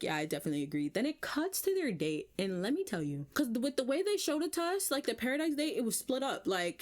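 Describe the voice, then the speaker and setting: A young woman giving a casual, animated recap of a reality dating show, acting out the cast members' lines as she goes. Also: mid-range voice.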